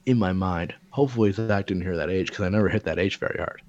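Low male voice, laid-back joking co-host, slightly dull recording. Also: fast talker, a little mellow. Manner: loose, joking, swears freely. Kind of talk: casual chat.

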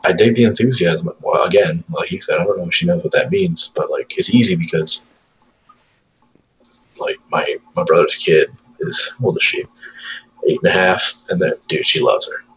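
A man's voice: low voice, normal speed, a bit bright, poor audio. A man in his thirties on casual chat, telling profane stories about his toddler and acting out her lines.

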